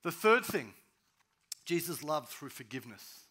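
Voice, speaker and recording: A man preaching a sermon as pastor, swinging between loud, urgent rises and quiet, slow drops. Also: fairly high pitch, big pitch swings, slightly rough.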